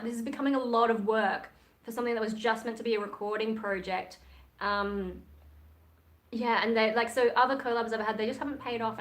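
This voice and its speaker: A woman talks casually on a livestream, rambling and frank. Her voice sits a little above the usual pitch for a woman. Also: fairly bright tone. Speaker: livestream host and metal singer.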